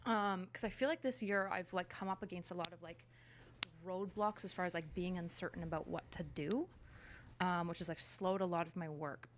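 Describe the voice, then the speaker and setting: A woman's voice: lowish voice, normal speed, a little hiss or hum. A woman in casual conversation, explaining things at length with many fillers.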